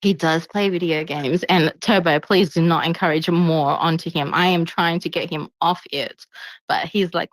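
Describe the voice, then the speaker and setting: A woman who bakes for a living, chatting casually in an online audio room, bubbly and quick to laugh. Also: lowish voice, no echo, rough recording. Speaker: guest baker.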